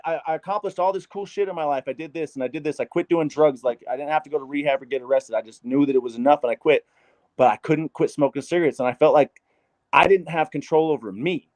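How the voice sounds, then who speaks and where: A man's voice: fairly high pitch, darkish tone. A man from Wyoming, a guest in a casual interview, speaking bluntly and swearing often. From Wyoming, USA. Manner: blunt, profane, fast-talking. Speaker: hip hop artist, guest.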